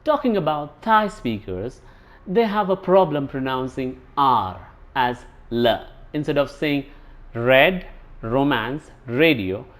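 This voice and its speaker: A man with an Indian English accent teaching a pronunciation lesson, explaining points and demonstrating sounds slowly. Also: medium pitch. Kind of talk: scripted lesson narration.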